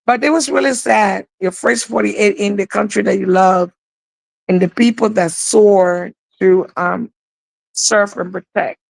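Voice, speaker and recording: A woman's voice: mid-range voice, steady tone, measured pace, gravelly, no echo, low-quality recording. A woman co-hosting a live online talk show, telling a story in an emotional, rambling way. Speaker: co-host.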